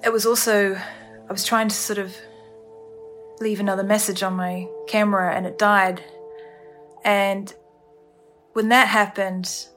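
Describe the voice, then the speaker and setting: A woman recounts her own survival ordeal, pausing and restarting as the emotion catches up with her. Her pitch sits in the middle of the range, and faint music plays underneath. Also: little pitch movement, fairly bright tone. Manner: halting, emotional, many restarts. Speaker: storyteller. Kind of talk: personal survival story, told casually.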